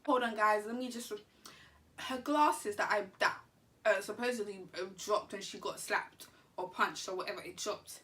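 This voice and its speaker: Woman, storytime vlog, animated and slangy, bright voice, distant mic. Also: mid-range voice, moderate pace. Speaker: vlogger. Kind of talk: casual storytime.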